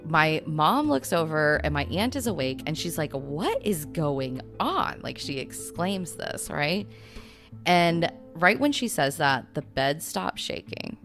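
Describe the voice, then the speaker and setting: A woman with a low voice tells a story on her podcast, casual and rambling, always circling back through little asides. Faint music sits quietly behind her. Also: lively intonation, measured pace. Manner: rambling, full of "you know" and "like" asides. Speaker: podcast host.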